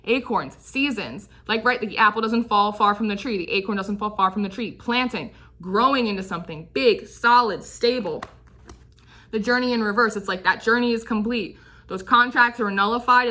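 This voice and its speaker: A woman's voice: medium pitch, pushed and bright. A young woman giving a casual, chatty tarot reading, full of fillers and repeated phrases. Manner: chatty, filler-heavy, repeats phrases, drifts into quick put-on voices. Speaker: tarot reader.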